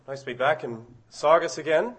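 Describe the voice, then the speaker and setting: A middle-aged man giving a sermon as a visiting preacher, reading scripture aloud and slowing down to stress key words. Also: on the high side, fairly bright tone. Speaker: guest preacher.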